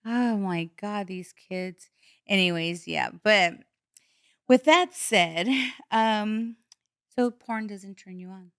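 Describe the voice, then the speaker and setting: A woman's voice: mid-range voice, slow pace, clean tone, dry recording, clean studio sound. A middle-aged woman hosting a podcast, telling stories bluntly and swearing freely in casual chat. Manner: blunt, animated storytelling with swearing. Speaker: podcast host.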